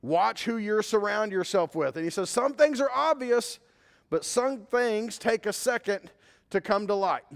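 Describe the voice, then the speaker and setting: A man's voice: high voice, lively intonation, measured pace, creaky. A man preaching a conversational sermon as a pastor, mixing scripture with a personal story. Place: church sanctuary. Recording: long hall reverb.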